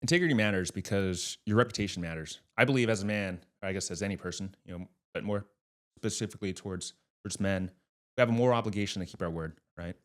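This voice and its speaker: A real estate investor, a man with a low voice who talks fast, is a guest in a casual interview about real estate. He speaks in an earnest, emphatic, motivational way.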